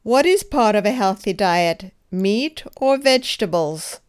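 A woman leading a scripted English grammar drill, enunciating each sentence carefully and pausing for the listener to repeat. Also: medium pitch, lively intonation, smooth. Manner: careful, deliberate enunciation with pauses for repetition. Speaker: English teacher.

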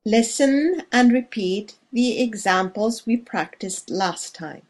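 A woman teacher reading a scripted grammar drill, enunciating carefully with pauses for the listener to repeat. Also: on the high side, animated. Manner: slow, measured, carefully enunciated with pauses for repetition. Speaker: language teacher.

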